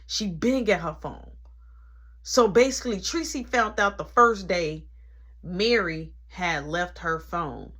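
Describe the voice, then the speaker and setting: Young guy with aave telling a story, voice jumps all over. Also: high voice. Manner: animated, acting out the people in the story. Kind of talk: casual storytelling.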